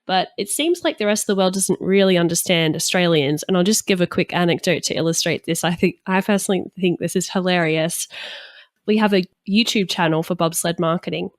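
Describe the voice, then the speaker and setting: Woman podcast host, lowish voice, dry close sound, casual unhurried chat. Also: no echo.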